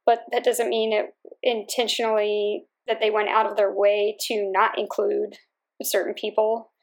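A woman Marine Corps aviator, answering interview questions in a measured, reflective way with frequent fillers. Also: mid-range voice, level tone, vocal fry.

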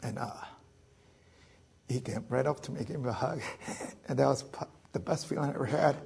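A man in his thirties, a military veteran, telling his personal story in a public lecture, halting, with many fillers, restarts and joking asides. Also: mid-range voice, gravelly, a little mellow, husky.

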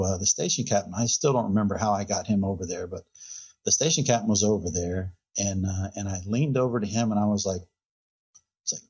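A fire chief talks through an old incident as a podcast guest, relaxed and conversational, often doubling back on his words. His voice sits low and mellow with a husky edge. The audio sounds dull and lo-fi. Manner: relaxed storyteller, repeats words and quotes others. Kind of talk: recounting a past incident in conversation.

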